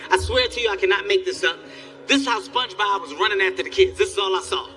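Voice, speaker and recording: A man doing a stand-up comedy set, telling animated stories and acting out the people in them. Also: sits high, quick pace, far from the mic, music in the background. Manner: animated storytelling, acts out characters, yelling bits. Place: theater stage before a live audience.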